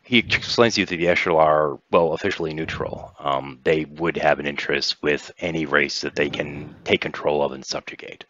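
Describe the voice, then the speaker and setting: Man, game master, animated storyteller. Very low voice; dull, dry lo-fi mic. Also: brisk, few pauses, dry recording. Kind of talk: narrating a tabletop game.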